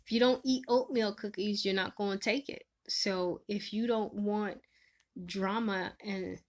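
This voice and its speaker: A woman hosting a casual live stream, giving advice and teasing viewers in the chat, laughing often and swinging between loud and soft. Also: mid-range voice, steady tone, a little slow.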